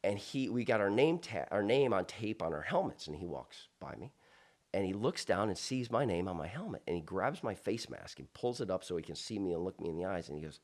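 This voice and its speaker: A man from South Florida, an interview guest, telling a personal story in an animated way with many restarts and asides. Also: low-pitched, a little fast.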